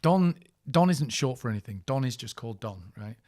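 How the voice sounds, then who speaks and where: A man's voice: mid-range voice, animated, brisk, dark tone. A man co-hosting a podcast, telling a funny story in casual chat, swearing and laughing as he goes. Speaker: podcast co-host.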